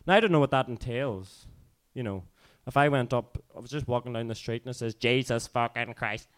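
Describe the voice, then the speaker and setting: A man's voice: medium pitch, a little fast. A man from performing an angry, profane spoken word poem, chanting repeated refrains. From Northern Ireland. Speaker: performance poet.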